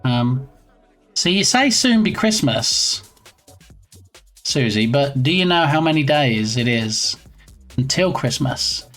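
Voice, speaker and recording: A chatty male streamer talks casually while working on his game, reading messages aloud in a playful, easygoing way. His voice sits at a middle pitch, and soft music plays faintly behind him. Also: very animated, slow, long pauses. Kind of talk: casual live-stream chat.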